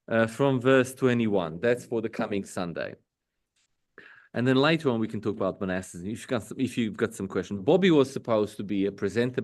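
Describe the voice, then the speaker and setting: Man leading a Bible study, halting. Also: fairly low pitch. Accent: non-native English. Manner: halting, with many fillers and self-corrections. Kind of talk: casual Bible study teaching and scripture reading. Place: parish meeting room.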